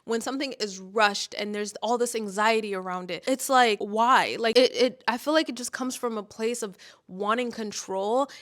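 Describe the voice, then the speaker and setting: A woman's voice: mid-range voice, fairly bright tone. A young woman in her twenties giving casual motivational talk to the camera, earnest and chatty with lots of "like" and "okay?". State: tearful and emotional while talking about her mother. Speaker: lifestyle vlogger. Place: indoors, filming herself.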